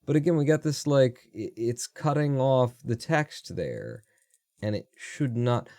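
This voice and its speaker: A man's voice: mid-range voice, big pitch swings, a little slow, warm tone, dry recording. A man hosts a live coding stream, thinking aloud in a mid-range voice as he works. He mutters to himself, trails off and swears freely whenever something breaks. Close and dry, with no room sound. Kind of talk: casual live coding commentary.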